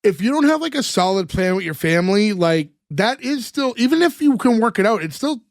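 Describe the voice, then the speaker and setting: A man recaps a TV episode on a casual podcast, laughing easily and acting out the characters' lines. His voice sits noticeably high for a man, and the sound is close and dry. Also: brisk, no echo. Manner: relaxed storyteller, laughs often, acts out lines.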